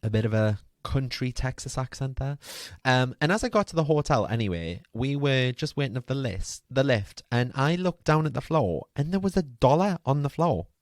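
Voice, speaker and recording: A man's voice: medium pitch, sing-song, fairly quick, few pauses, no echo, clean studio sound. A man hosting a podcast, telling a rambling, chatty story full of asides and fillers. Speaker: podcast host. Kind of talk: casual storytelling monologue.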